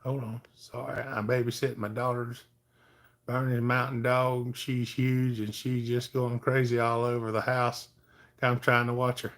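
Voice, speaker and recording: Folksy middle-aged man hosting a relaxed livestream chat. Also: mid-range voice, a little slow. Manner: folksy, easygoing, talks to viewers by name. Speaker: livestream host. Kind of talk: casual chat reading viewer comments.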